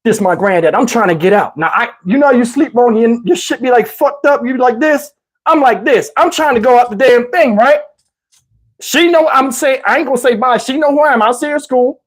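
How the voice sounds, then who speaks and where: A man casually telling a personal story, animated and slangy, often breaking into laughter, on a lapel mic. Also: very high-pitched, brisk. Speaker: channel host telling a story. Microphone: wireless lapel mic.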